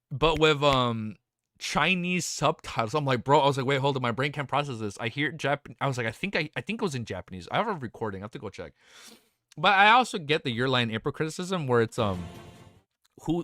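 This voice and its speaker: A young man livestreaming from home, rambling excitedly with lots of swearing and restarts. His pitch swings widely and his tone is bright. The sound is close and dry, with no room in it. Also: dry recording. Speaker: livestream host. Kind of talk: casual stream chat.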